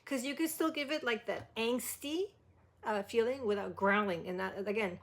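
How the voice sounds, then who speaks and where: Woman host, high voice, chatty vocal coach reaction, breaks into sung demos. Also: moderate pace. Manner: demonstrates by singing lines, filler-heavy "like". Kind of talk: casual vocal critique.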